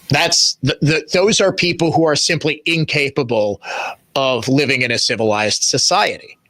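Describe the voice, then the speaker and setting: A man's voice: medium pitch, sharp tone, dry recording. A man hosting a radio talk show, delivering an opinionated monologue, emphatic and repeating phrases for stress.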